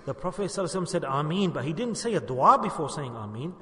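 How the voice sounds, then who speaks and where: Male preacher, high-pitched, earnest and emphatic, long hall reverb. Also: big pitch swings, rapid-fire, a bit bright. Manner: earnest, repeats for emphasis, asks the audience questions. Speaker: religious teacher. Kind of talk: sermon.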